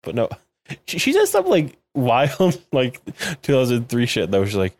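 A man's voice: mid-range voice, wildly swooping pitch, moderate pace, darkish tone. Jokey laughing male podcast co-host. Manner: jokey, laughs often, acts out characters' lines. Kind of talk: casual chat recapping a show.

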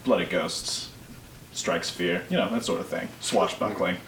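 A man voicing a broad, imposing male tiefling crime boss and former pirate, friendly and gruff, recorded in a roomy space from a distance. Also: low voice, unhurried, fairly bright tone, voice pushed down. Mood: jovial. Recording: roomy, distant mic with faint noise.

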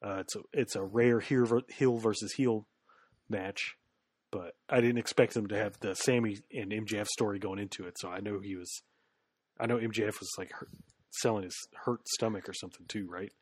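A man's voice: lowish voice, steady tone, fairly quick, husky, dry recording, studio quality. A man co-hosting a casual podcast, talking in a laid-back, hesitant way with frequent fillers. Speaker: podcast co-host. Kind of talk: casual chat.

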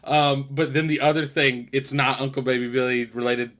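A man co-hosts a podcast in casual chat, swearing, laughing, and acting out scenes from shows. His voice is medium-pitched, steady, and a bit bright, at a moderate pace.

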